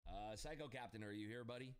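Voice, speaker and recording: A man's voice: on the low side, quick pace. A man day trading on a live stream, talking casually with heavy swearing and exasperated ranting. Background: music.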